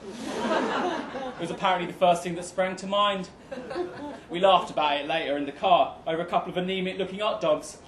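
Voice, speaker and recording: A young man with a high voice reads a comic story in the first person, dry and wry, breaking into mock-heroic bursts. The sound is echoey, caught live in a pub room with a faint hum of noise behind. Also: normal speed, pauses often. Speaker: reader at a live fiction night.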